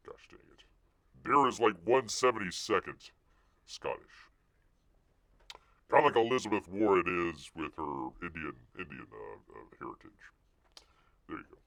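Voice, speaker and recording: A man's voice: lowish voice, fairly bright tone, no room sound. A man hosting a live stream, chatting casually and jokingly about pictures on screen, sometimes calling himself in the third person. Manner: jokey, rambling, calls himself Bear in third person. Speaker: live-stream show host.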